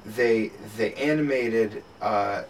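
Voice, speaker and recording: A man's voice: fairly low pitch, slow. A man in casual podcast chat, rambling with many restarts and frequent laughter. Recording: distant mic with faint background noise.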